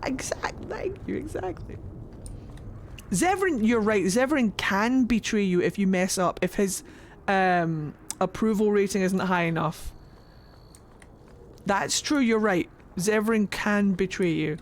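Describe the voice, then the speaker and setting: A woman streaming a video game, chatting excitably and swearing freely. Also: mid-range voice, measured pace, a little hiss or hum. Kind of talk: live gameplay commentary.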